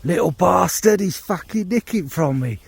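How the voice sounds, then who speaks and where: A man putting on a high, greedy old perfume boss. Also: animated, moderate pace, gravelly, breathy edge, exaggerated voice. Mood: outraged.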